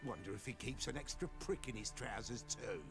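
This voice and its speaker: An actor playing a wary, gruff male innkeeper who speaks curtly. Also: medium pitch, a little fast, over music, close to an everyday voice. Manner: suspicious, curt. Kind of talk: video game voice acting.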